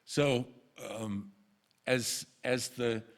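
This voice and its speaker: A middle-aged man speaks to a gathered audience in a mid-pitched voice. His telling is earnest and halting, full of restarts and small laughs. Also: fairly even intonation. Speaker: speaker at a community celebration. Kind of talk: personal story told to an audience.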